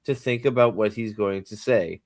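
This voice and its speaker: A man's voice: fairly low pitch, moderate pace, dry recording. A man co-hosting a casual podcast who jokes sarcastically, swears a lot and laughs often. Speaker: podcast co-host. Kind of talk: casual profane banter.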